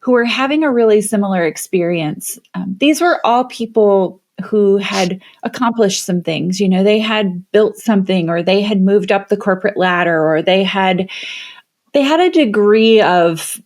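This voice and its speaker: A middle-aged woman from the Chicago area, a guest on an interview podcast, telling her story with animated, lively delivery and acting out the voices she quotes. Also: mid-range voice, normal speed. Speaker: guest, women's leadership coach.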